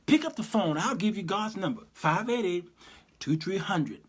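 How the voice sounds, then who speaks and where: Animated preachy man on a livestream. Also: sits high, moderate pace, slightly rough. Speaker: host and Bible teacher. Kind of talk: livestream commentary.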